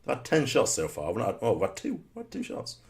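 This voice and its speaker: A man giving live commentary on his own football game, muttering rhetorical asides and breaking into sudden excited shouts. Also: medium pitch, fast talker, gravelly.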